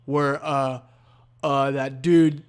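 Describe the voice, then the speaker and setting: A man's voice: medium pitch, little pitch movement, drawn-out words, clear, resonant tone. A tired, yawning man hosting a solo podcast, rambling in a laid-back, profane stream of consciousness. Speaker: podcast host.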